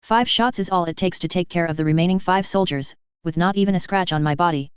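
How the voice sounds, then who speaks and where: Brief: woman narrator, fan fiction audiobook, very smooth voice, dry slightly dull recording. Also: on the low side, fast, dry recording. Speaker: audiobook reader.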